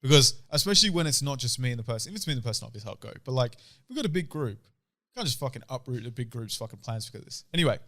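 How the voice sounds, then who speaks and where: A young man in his twenties tells a rowdy pub story on a casual podcast. He talks quickly, with a bright, forward tone. His delivery is loose and slangy, and he swears freely. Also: medium pitch, sing-song. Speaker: podcast co-host.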